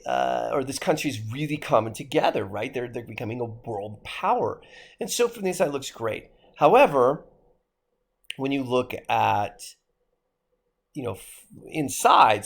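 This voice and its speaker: A man with a Midwestern accent teaches a history lesson with an animated voice. His pitch leaps high and drops low. A gravelly rasp runs through his tone as he asks questions and answers them himself. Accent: American Midwest. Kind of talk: recorded classroom lecture.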